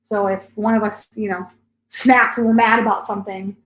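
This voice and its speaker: A woman's voice: medium pitch, steady tone, moderate pace. A woman in her forties talking casually as a podcast host, telling stories in a chatty way with many "like" fillers. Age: 40s. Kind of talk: casual chat. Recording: roomy echo.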